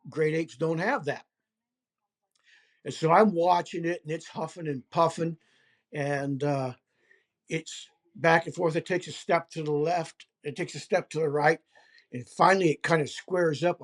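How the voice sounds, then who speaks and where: Guy with a fairly high voice telling his story as a guest, emphatic, lots of uh and um. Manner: animated, emphatic, pauses with fillers. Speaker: interview guest. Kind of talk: first-person storytelling.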